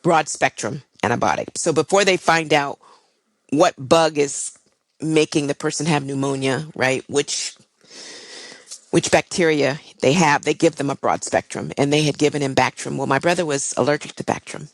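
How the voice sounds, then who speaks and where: A woman's voice: low voice, moderate pace, no room sound, low-quality recording. An older woman, a guest and airline pilot, tells a personal story in a candid, reflective way with frequent fillers.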